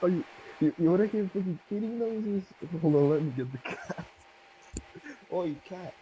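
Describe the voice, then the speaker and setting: A man in casual banter, forcing a strained, high girlish voice that sounds hoarse. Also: animated, moderate pace, dark tone, slight background noise, low-quality recording.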